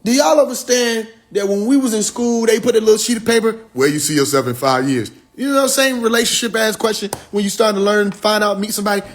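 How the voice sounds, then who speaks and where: Man, high voice, livestream monologue, preachy, profane, bursts of speed then slow drawn-out words. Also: fairly even intonation. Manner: loose, preachy and emphatic, profane slang, quick bursts and drawn-out pauses. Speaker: livestream host.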